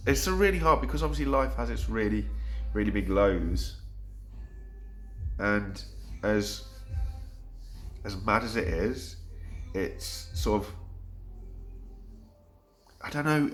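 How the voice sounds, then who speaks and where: A man's voice: mid-range voice, fairly bright tone. A man in his thirties, talking earnestly in a rambling vlog monologue with many restarts. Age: 30s. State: getting choked up. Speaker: vlogger.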